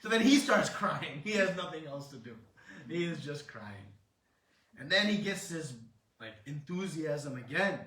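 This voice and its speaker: A man giving a devotional sermon, retelling a sacred story in an earnest, explanatory way with dramatic pauses. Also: a little high, animated, bright, forceful tone. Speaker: speaker. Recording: roomy hall, distant mic.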